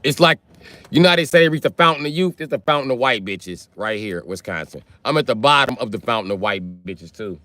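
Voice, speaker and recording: A man's voice: mid-range voice, animated, a little fast, sharp tone. A young man from the Chicago area chatting casually with viewers on a phone livestream, rambling and profane with streetwise slang. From Chicago area, USA. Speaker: livestream host.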